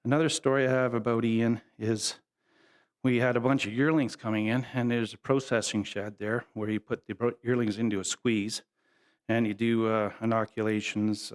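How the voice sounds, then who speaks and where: Folksy middle-aged man telling stories. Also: fairly low pitch. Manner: folksy, humorous storytelling. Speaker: family member giving a eulogy. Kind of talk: anecdotal memorial speech.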